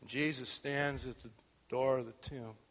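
A man preaching a sermon in church, swinging from quiet talk to loud shouting. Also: mid-range voice, steady tone, unhurried, in a large hall. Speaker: pastor.

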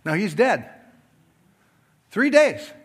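Male pastor, high-pitched, sermon delivery with big loud-to-soft swings and light jokes to the congregation. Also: very animated, drawn-out words, husky, in a large hall. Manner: swings from loud emphatic preaching to soft quiet asides. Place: church before a congregation.

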